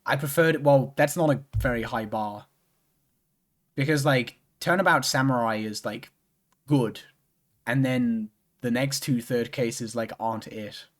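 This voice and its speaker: A man's voice: mid-range voice, a little slow. A young man streaming a game, chatting casually and rambling with lots of restarts and swearing. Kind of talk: casual chat while playing a game.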